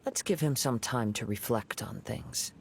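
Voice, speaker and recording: An actor voicing a calm wandering young male swordsman in a video game, speaking in a composed, measured, gentle manner. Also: mid-range voice, gravelly, a little hiss or hum. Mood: earnest. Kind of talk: game voice acting. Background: game music.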